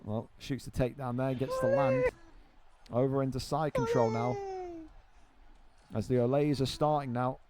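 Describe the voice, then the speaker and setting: A young man giving live play-by-play commentary on a video game fight, excitable and swearing freely as he banters with friends. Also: medium pitch, normal speed, long pauses, noisy background.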